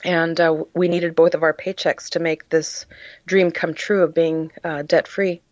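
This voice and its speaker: Low-voiced woman telling an emotional story. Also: flat delivery, a little slow, a little mellow, no echo, lo-fi sound. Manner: emotional, earnest, many "uh" fillers. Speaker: podcast guest, charity founder. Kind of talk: personal storytelling.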